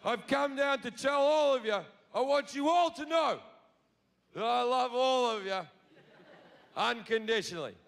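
A man's voice: very high voice, a little slow, creaky, clear, resonant tone, voice pushed up, heavily acted. A man with an Australian accent voicing a drunk, needy God at a party who bosses everyone around and swears. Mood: demanding. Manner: loud demanding, swearing, rising to shouts.

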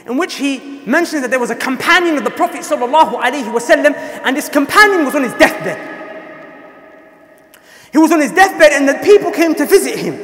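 A man preaching a sermon with impassioned delivery, often rising to near shouting. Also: extremely high pitch. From South Asia. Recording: echoey hall.

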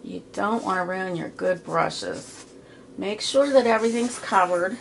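A middle-aged art teacher from the Pittsburgh area gives a casual, chatty painting tutorial from her home studio, dropping homey asides as she works. Her mid-range voice is unhurried with vocal fry, and a little hiss or hum can be heard.

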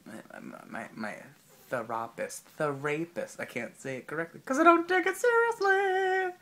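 A man's voice: extremely high pitch, moderate pace. Sick man rambling jokes in half-whispers. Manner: joking deadpan asides, drifting into whispers. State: sore infected throat. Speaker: vlogger. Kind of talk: rambling comic vlog. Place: waiting outside an animal hospital.

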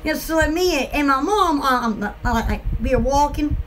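A woman from Alabama with a Southern accent, rambling excitedly in a casual vlog for her online shop. She giggles often and fills her talk with "oh" and "um". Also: high voice, normal speed, slight background noise. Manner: giggly, excitable, lots of "oh" and fillers.

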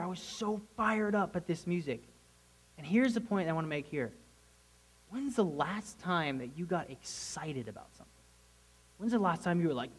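Male preacher with a high voice, chatty sermon delivery, animated with excited outbursts. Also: brisk, low-quality recording. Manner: animated, conversational, bursts into excited shouts. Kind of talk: casual sermon.

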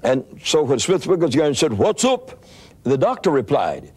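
Older preacher with a lively swooping voice. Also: male voice, medium pitch, normal speed, breathy edge. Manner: animated anecdotal storytelling with frequent restarts. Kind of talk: storytelling sermon.

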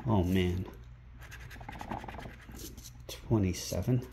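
A man hosting a scratch-ticket vlog indoors at a rental home, calling out numbers one by one and breaking into excited exclamations. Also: low voice, very slow, vocal fry, noisy background. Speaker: scratch-ticket channel host. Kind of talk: casual vlog narration while scratching tickets.

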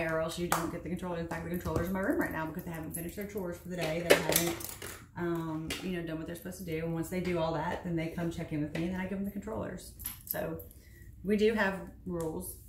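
A woman in her late thirties, a beauty vlogger, chatting casually while doing her makeup at home. She is animated and sarcastic as she vents. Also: fairly low pitch, reverberant, background noise. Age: 30s. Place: home room.

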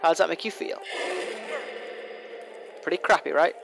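A young man narrates his game run in a high, light voice, rambling fast and teasing the enemy. The recording carries a steady hiss of background noise. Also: gravelly. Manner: fast-talking, rambling, playfully taunting. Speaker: gameplay commentator. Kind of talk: casual let's play commentary. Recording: noisy home recording.

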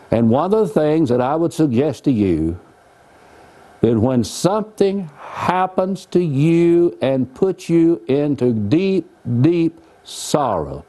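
A man's voice: mid-range voice, mellow. A man teaching the Bible in an earnest, folksy, plainspoken way, using homely examples. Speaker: preacher.

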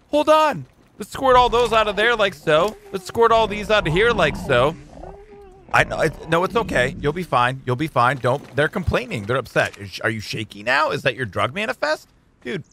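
A man giving excitable, jokey let's-play commentary as a gaming video host, talking to his tamed creatures. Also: a little high, moderate pace, slight background noise. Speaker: gaming YouTuber.

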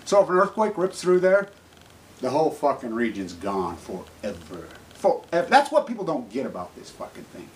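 A middle-aged man ranting angrily to camera, swearing constantly and swinging from low mutters to shouts. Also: wildly swooping pitch, normal speed, slight background noise, low-quality recording. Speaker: activist vlogger. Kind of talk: angry profane rant to camera.

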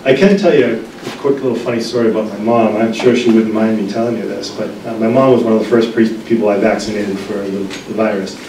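A man's voice: lowish voice, steady tone, a little fast, hardly any pauses, warm tone, distant mic, a little hiss or hum. Brief: man, 50s, pharmacist lecturing, anecdotal and chatty, echoey room, mic set back. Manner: chatty storyteller with frequent restarts and ums. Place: library meeting room.

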